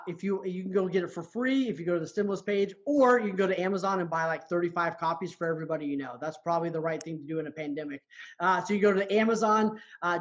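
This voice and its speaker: A man's voice: a little high, dull audio. A man speaking as a motivational coach and guest on a podcast, earnest, often repeating words as he starts a sentence. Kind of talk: motivational talk.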